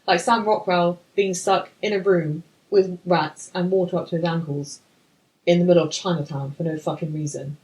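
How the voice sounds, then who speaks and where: A woman, co-hosting a film podcast in casual chat, ranting in an animated, sweary, exasperated way. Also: fairly low pitch, normal speed, poor audio. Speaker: podcast co-host.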